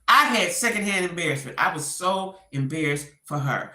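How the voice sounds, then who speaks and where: A woman's voice: on the low side, normal speed, echoey room. A woman doing casual gossip commentary, acting out the quotes as she retells a story. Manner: animated storytelling, acts out quotes.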